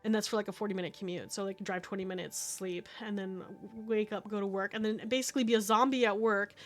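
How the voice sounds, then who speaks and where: High-voiced woman streamer ranting heatedly. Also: bright, forceful tone. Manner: heated, profane, filler-heavy venting. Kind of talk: casual ranting chat on stream.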